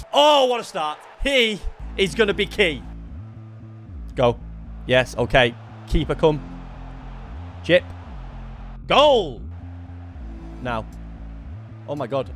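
A young man giving lively live commentary on his own gameplay, talking to himself and bursting into shouts. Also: mid-range voice. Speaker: gaming YouTuber.

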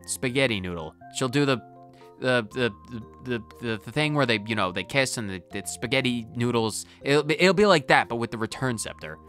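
Man, let's-play commentary, rambling to himself, bright voice, faint music under. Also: medium pitch, animated, normal speed. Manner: rambling, talks to himself, goes off on tangents. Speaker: gaming video host.

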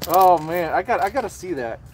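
A man hosts a casual livestream in a high, expressive voice at a fairly quick pace, with slight background noise. He rambles and swears freely as he chats, often restarting what he says.

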